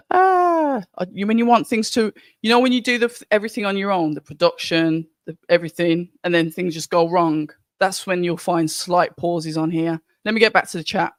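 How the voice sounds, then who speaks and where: A live-stream host with a Birmingham accent talks through a boxing watch-along in an easygoing, rambling way, often restarting sentences. The voice sits in a middle pitch. The recording is dry and close, with no room echo. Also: steady tone, fairly quick, hardly any pauses. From Birmingham, England. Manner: chatty and rambling, with frequent restarts. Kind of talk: casual live-stream commentary, reading out chat.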